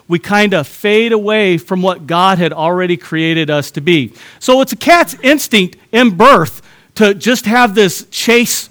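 A man's voice: high voice, a bit bright. A middle-aged man preaching a sermon, telling a story with humor and talking straight to his congregation. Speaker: pastor.

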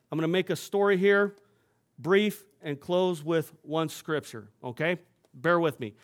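A male pastor preaching to his congregation in a church, telling a personal story in a conversational way and often checking in with his listeners. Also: high voice.

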